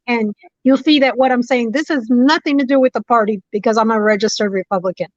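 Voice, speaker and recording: Emphatic high-voiced woman caller. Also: normal speed, hardly any pauses, no echo. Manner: preachy, emphatic, repeats phrases for effect. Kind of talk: impassioned call-in talk. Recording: dull lo-fi phone line.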